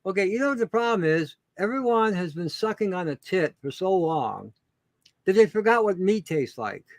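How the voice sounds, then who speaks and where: A man's voice: high-pitched, big pitch swings, normal speed, no echo, studio quality. A man from Canada speaking as a guest in a blunt, emphatic, heavily profane rant. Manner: emphatic, repetitive, swears heavily. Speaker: guest, show host himself.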